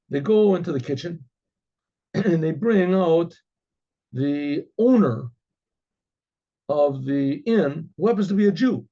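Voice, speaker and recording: A man, a rabbi, telling a story in a rambling way, often clearing his throat and restarting sentences. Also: a little high, dark tone. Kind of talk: oral storytelling. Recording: dull lo-fi recording.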